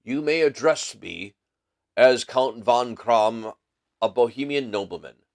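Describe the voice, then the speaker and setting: A man's voice: medium pitch, slow. A man voicing a proud, secretive nobleman with a German accent, who speaks in a formal, guarded and commanding way. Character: towering masked male nobleman, proud and secretive.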